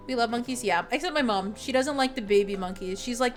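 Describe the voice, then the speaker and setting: A woman's voice: fairly high pitch, fairly quick, hardly any pauses, faint music behind. A young woman streamer chatting casually with her viewers, rambling with lots of fillers and giggles. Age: young adult.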